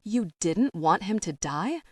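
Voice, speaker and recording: Brief: protective young husband, fond and a bit gruff, voiced by a woman. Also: medium pitch, animated, slow, darkish tone, dry recording, studio quality. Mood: concerned.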